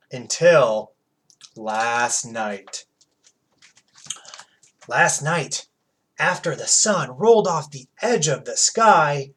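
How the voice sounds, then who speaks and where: A streetwise cat detective prowls through the tale in a slow, dramatic storybook telling, low and drawn out at the key moments, as a man reads him aloud. The voice sits at a middle pitch and takes its time. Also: fairly bright tone, low-quality recording.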